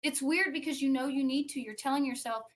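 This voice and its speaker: A woman, a podcast guest, tells a personal story in a conversational way, acting out what others said and pausing with fillers. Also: sits high. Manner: animated, acts out quoted speech; frequent fillers and restarts.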